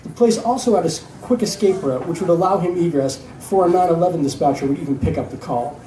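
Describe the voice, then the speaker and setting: A man, an author, narrating his own novel at a live reading event in a steady storytelling manner. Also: fairly high pitch, fast, few pauses, slight background noise. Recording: echoey room from a distance.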